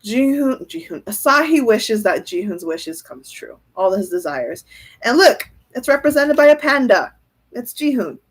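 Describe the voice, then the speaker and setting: A chatty woman giving a relaxed tarot reading, talking through her thoughts as they come. She giggles often and answers comments from viewers as she goes. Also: a little high, measured pace, slightly rough. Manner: chatty, giggly, thinks aloud. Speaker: tarot reader. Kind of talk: casual tarot reading livestream.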